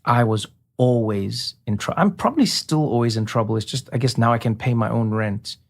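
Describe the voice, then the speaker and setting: Animated man telling stories. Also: medium pitch, fairly quick, gravelly. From South Africa. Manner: animated, slips into voice impressions. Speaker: interview guest. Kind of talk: conversational storytelling.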